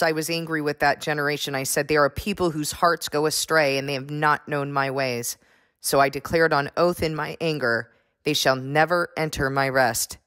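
A woman preaching a stern sermon, pressing her listeners with forceful rhetorical questions. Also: no room sound. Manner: forceful rhetorical questions, rising pitch when pressing the point.

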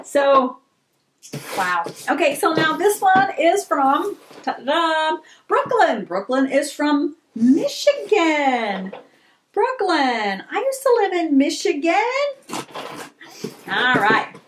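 A woman's voice: sits high, slow, slight background noise. A woman, gushing and exclaiming over fan mail in a casual vlog. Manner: gushing, excitable, gasps and squeals. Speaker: vlogger opening fan mail. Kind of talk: casual chat.

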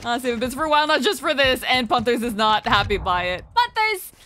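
A woman's voice: on the high side, fast, a bit bright, slight background noise. A young woman streaming a shooter game, chatting casually with her chat and swearing often.

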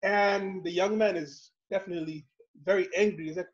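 A man leads an online study circle, telling stories and asking rhetorical questions in an animated way. His voice sits high and the call audio is dull and lo-fi. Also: a little fast. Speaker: halaqa speaker and host. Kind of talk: religious lesson over video call. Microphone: video call.

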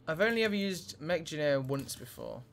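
A man's voice: fairly high pitch, brisk, vocal fry. A man casually commentating his own card game match, thinking aloud as he plays. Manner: relaxed, thinking aloud while playing. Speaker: gameplay commentator. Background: game music.

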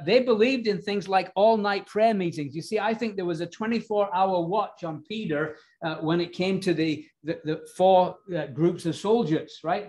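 A man's voice: a little high, a little mellow. A man preaching a Bible sermon in a chatty way, often asking his listeners questions. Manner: conversational, asks the congregation questions. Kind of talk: expository sermon.

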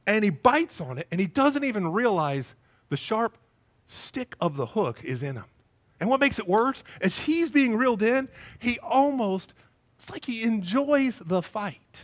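A male pastor giving a sermon in a church, animated as he acts out scenes with voices and sound effects. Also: high voice, moderate pace. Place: church sanctuary with a congregation.

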